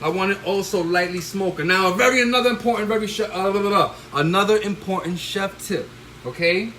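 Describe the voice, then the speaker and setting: Hosting a live cooking demo in his home kitchen, this middle-aged chef speaks high-pitched and fairly quick into a handheld phone. He coaches viewers with repeated "all right?" and "okay?" and erupts in loud whoops, with kitchen noise and frying sizzle underneath.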